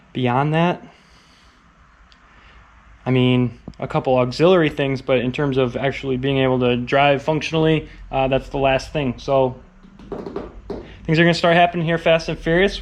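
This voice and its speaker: A man's voice: mid-range voice, steady tone, a little slow, pauses often, slight background noise. A man casually narrating his truck build in a garage, rambling with lots of fillers and upbeat asides. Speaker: car build vlogger.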